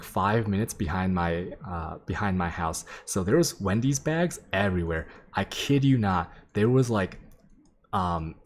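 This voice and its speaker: Male streamer with a very low voice, casual and sweary, rambling through a story to chat. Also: slight background noise. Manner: rambling, profane, lots of "like" and "um"; sketches while he talks, addressing chat. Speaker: game streamer.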